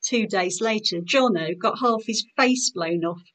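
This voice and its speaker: A woman's voice: mid-range voice, unhurried, a bit bright, natural voice, poor audio. Woman performing a melancholic underage boy soldier, rueful dialect monologue, poetry performance.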